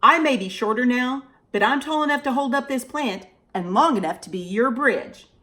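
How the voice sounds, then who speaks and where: A woman voicing a proud, tough male yardstick in a children's storybook, speaking low and stubborn. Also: animated, moderate pace, bright, forceful tone.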